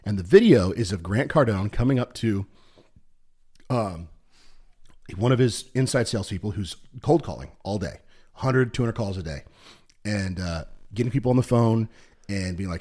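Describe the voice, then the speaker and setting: A man co-hosting a podcast in casual chat, rambling with many fillers and restarts, and getting animated as he retells a story. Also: fairly low pitch, moderate pace, slightly rough. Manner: animated when retelling stories. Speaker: podcast co-host.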